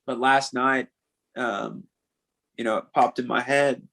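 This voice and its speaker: A young man speaking as a podcast guest in a candid conversation. He talks earnestly, halting and repeating himself, and keeps dropping "man" into his sentences. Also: mid-range voice, steady tone, gravelly, pushed and bright, rough recording. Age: young adult.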